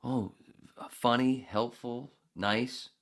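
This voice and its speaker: A man hosting a podcast who rants angrily and sarcastically, swearing heavily and swinging from mutters to shouts. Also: mid-range voice, fairly even intonation, extremely slow. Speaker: podcast host. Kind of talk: ranting monologue.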